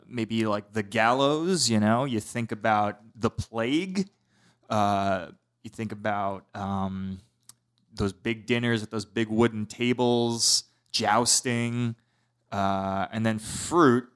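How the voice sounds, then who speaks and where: A man's voice: on the low side, takes it slowly, smooth. A man who produces a comedy podcast, riffing playfully in casual chat.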